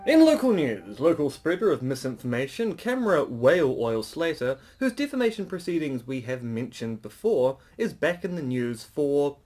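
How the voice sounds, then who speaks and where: A man co-hosting a casual podcast, dry and sardonic, reading news items briskly. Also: medium pitch, very animated, a little mellow, faint music behind. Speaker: podcast co-host.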